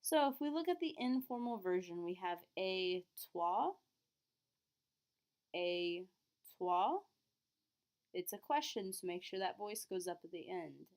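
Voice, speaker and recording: A woman French teacher explaining phrases to her students, clearly and patiently, modeling each word slowly. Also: medium pitch, expressive, a little mellow. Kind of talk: classroom lesson recording.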